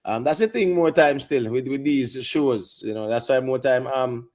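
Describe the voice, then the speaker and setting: A man's voice: mid-range voice, moderate pace, a little mellow. A man with a Jamaican accent hosting a live-stream panel in casual chat, easygoing and full of "you know" and "man". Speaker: panel host.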